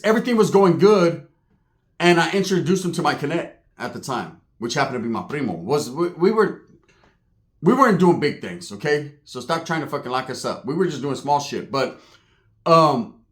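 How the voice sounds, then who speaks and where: Streetwise man telling a story. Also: a little high. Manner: streetwise, profane, laughing, acts out other voices. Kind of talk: casual storytelling monologue.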